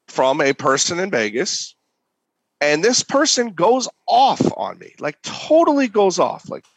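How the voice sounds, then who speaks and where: A man's voice: fairly high pitch, no room sound. A young man, a competition barbecue cook, casually telling a story and acting out the voices in it. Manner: animated, acts out voices.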